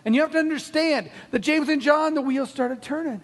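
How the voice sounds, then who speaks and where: A man with a high voice preaches a sermon and tells the story with lively energy. He acts out each character's lines and laughs often. His voice carries a long reverb, like a large hall. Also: brisk, hardly any pauses. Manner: animated storytelling, acting out quotes, frequent laughs.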